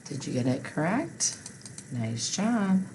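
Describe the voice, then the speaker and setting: A woman's voice: sits low, sing-song, takes it slowly, darkish tone, a little hiss or hum, poor audio. A woman teacher leading a phonics spelling lesson for children, patient and encouraging.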